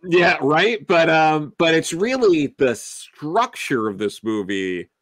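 A man's voice: fairly high pitch, big pitch swings, slow, dry recording. A man on a film review panel, talking casually and rambling with many restarts and fillers.

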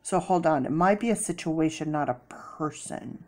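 A woman giving a casual tarot reading, chatty with many fillers and sudden excited bursts. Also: sits low, normal speed. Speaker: tarot reader.

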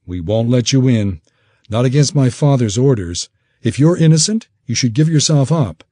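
A man's voice: mid-range voice, expressive, normal speed, warm tone, dry recording, clean studio sound, voice pushed up, close to an everyday voice. A man voicing a young man who speaks firmly and coldly. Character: young man, stubborn and hot-tempered.

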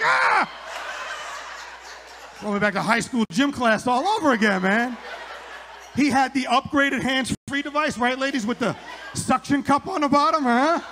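High-voiced New comedian on stage. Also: male voice, noisy background. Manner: rambling, repeats lines for punch. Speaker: stand-up comedian. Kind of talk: stand-up comedy set. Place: outdoor comedy club stage.

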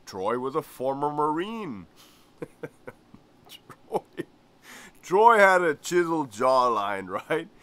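A man's voice: a little high, big pitch swings, slow, pauses often, a bit bright. A man in his forties, a former corrections lieutenant hosting his channel, telling stories in a casual way, chuckling often and asking "right?". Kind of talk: casual storytelling vlog.

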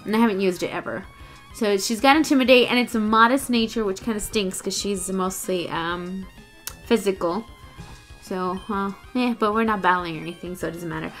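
A young woman chatting excitedly through a let's play, groaning and laughing at the game. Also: mid-range voice, brisk, soft background music. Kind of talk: casual gameplay commentary.

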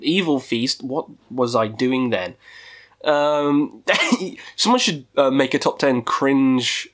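A man's voice: medium pitch, slow. A man hosting a casual video countdown, talking in a profane, goofy way with jokey asides. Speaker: metal music YouTuber.

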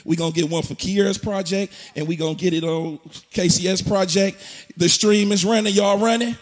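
A young man gives an excited, preacher-like tribute to his mother at a church event, repeating phrases as he builds up. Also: sits high, brisk. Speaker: son of the honoree, musician.

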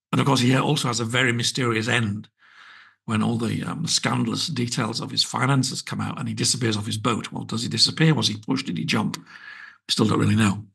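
A British man hosts his podcast solo, rambling wryly with lots of small asides in a casual chat. His mid-range voice is creaky and fairly bright, with a breathy edge.

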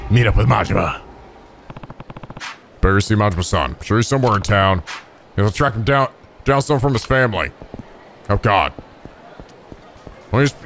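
Excitable cursing gaming commentator man. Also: medium pitch, slight background noise. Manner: profane, excitable, mock-angry trash talk. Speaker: let's play host.

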